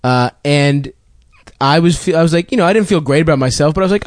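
Male podcast co-host, slightly high voice, crude casual storyteller, dry room. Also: lively intonation, fast, no room sound. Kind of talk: casual comedic chat.

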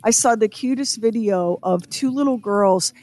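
A woman co-hosting a radio show, ranting in a lively, opinionated way and chatting casually. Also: fairly high pitch, normal speed, no room sound.

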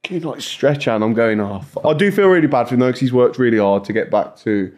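A man's voice: medium pitch, fast, darkish tone. A young man, a podcast guest chatting casually, crude and joking, laughing often.

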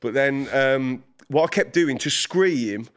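A man telling an animated story as a podcast guest, swearing and laughing as he goes. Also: mid-range voice, slow pace. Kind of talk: casual chat, storytelling.

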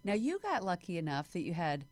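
A woman's voice: fairly low pitch, sing-song, a little fast. A woman hosting an interview, enthusiastic and full of affirming remarks. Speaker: podcast host. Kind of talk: interview conversation.

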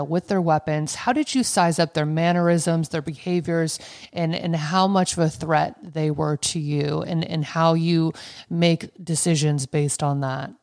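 Gravelly low woman interviewer. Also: darkish tone, no room sound, clean studio sound. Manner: long rambling multi-part questions. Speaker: podcast host interviewer. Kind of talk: interview questions.

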